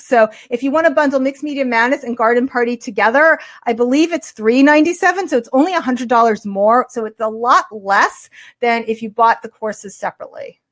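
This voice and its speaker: A woman with a New York accent and a high, bright-sitting voice hosts a live art webinar. She fields viewer questions in an upbeat, chatty manner and answers each one quickly. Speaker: art teacher hosting a webinar.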